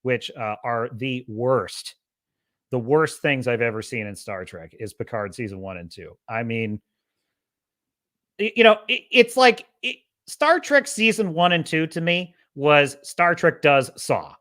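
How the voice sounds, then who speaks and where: A man hosting a casual livestream, rambling and excitable, quick to laugh. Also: mid-range voice. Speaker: show host.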